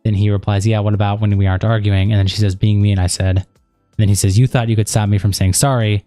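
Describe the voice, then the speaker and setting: Male streamer, dark mellow voice, dry close sound, reads logs aloud and drifts into loose asides over faint music. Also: lowish voice, fast talker, no room sound. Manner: steady reading with rambling casual asides and fillers. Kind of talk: reading chat logs aloud on a live stream.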